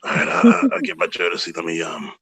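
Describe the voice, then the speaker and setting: A man in casual chat, telling animated, profane stories and imitating his relatives. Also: low voice, fast talker, creaky, breathy edge, no room sound, low-quality recording.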